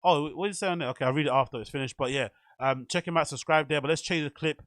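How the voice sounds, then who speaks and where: A man's voice: on the high side, racing, fairly bright tone, no echo. A man hosting a show, giving chatty, opinionated commentary with meandering asides. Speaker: host. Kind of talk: casual commentary.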